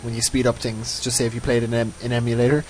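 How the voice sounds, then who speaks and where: A man's voice: medium pitch, little pitch movement, fast, a little mellow, a little hiss or hum, poor audio. A man giving casual, rambling commentary over his own gameplay, often mocking himself. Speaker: let's play host.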